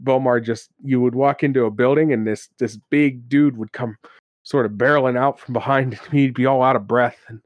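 A man telling stories from his tabletop games on a podcast. He is animated, laughs often and slips into character voices. His voice sits mid-range and the sound is dry and close. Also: mid-range voice, brisk, no echo, dull audio. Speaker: podcast co-host and game master. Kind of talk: casual chat about tabletop games.

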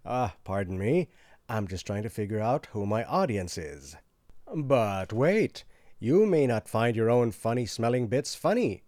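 A man delivering a sarcastic comedy monologue, swinging between loud outbursts and hushed asides. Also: mid-range voice, very animated, unhurried, no room sound, clean studio sound.

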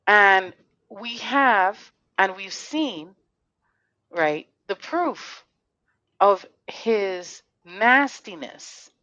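A woman hosting a podcast in a fiery, blunt way, swearing freely and firing off rhetorical questions. Her voice sits at a middle pitch. The sound is dry and a little muffled. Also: expressive, very slow, pushed and bright, dry recording. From Connecticut. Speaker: podcast host. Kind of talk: heated casual podcast talk.

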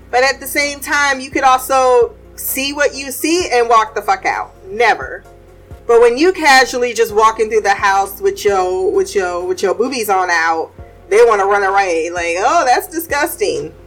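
A woman's voice: a little high, fairly bright tone. Blunt, laughing woman recapping a show. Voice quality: blunt, profane, laughs often. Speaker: TV recap podcast host.

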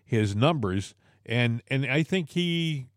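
A man's voice: mid-range voice, lively intonation, takes it slowly, no room sound, studio quality. A man co-hosting a political talk show, emphatic and repeating words as he argues.

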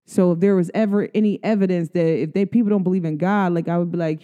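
A woman with a mellow, warm tone and a smooth, clean voice talks through a casual podcast monologue. She is earnest and loose, full of slang and "like" fillers. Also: lowish voice, fairly even intonation, quick pace, hardly any pauses. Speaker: podcast host. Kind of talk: casual spiritual talk.

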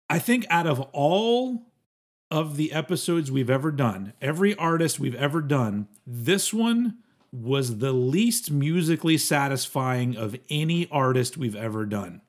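A man in his forties co-hosting a casual podcast, talking in a rambling, halting way with plenty of fillers and swearing. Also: on the high side. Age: 40s. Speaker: podcast co-host. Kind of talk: casual chat.

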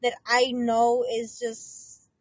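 A woman co-hosting a podcast in casual talk, animated, swearing and slipping Spanish into her English. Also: a little high, very slow, no echo, low-quality recording. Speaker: podcast co-host.

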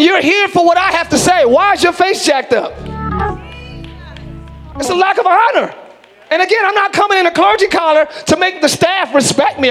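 High-voiced preaching man, music beneath. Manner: emphatic preaching, swinging between shouts and hushed low lines. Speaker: pastor. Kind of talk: sermon. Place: church sanctuary.

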